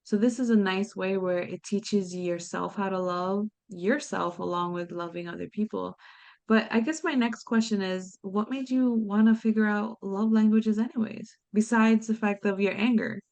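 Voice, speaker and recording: A woman's voice: mid-range voice, fairly even intonation, normal speed, vocal fry, darkish tone. A woman hosting an interview podcast, reflective and casual, with lots of "you know" and "to be honest.". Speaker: podcast host. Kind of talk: conversational interview.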